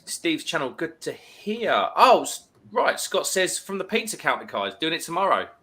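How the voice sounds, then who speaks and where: Bright-voiced man reading chat comments. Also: on the high side, sing-song, moderate pace. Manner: reads out viewer comments chattily. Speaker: live stream host. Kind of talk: casual live stream chat.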